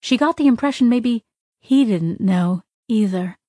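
Slow, measured woman narrator. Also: a little high, no echo, studio quality. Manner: measured, even storytelling. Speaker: audiobook narrator. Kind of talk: scripted narration.

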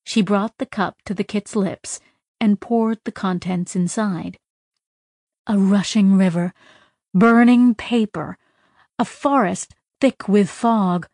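A woman's voice: medium pitch, slow, a little mellow, dry recording, clean studio sound. A woman reading a science fiction story aloud as an audiobook narrator, with light voices for the characters. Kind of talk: scripted narration.

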